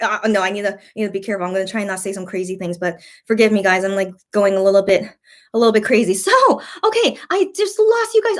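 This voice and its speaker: A bubbly young woman talks her way through a home mukbang live stream, chatty and loose with lots of fillers. Her voice sits a little high, and she reads her viewers' comments aloud between bites. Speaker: mukbang vlogger. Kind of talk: casual live-stream chat.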